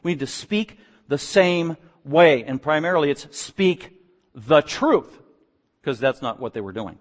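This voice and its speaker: A man preaching a sermon, moving from calm explanation to emphatic, rising outbursts on key words. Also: fairly high pitch, a little slow. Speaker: pastor. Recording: long reverb from a large hall.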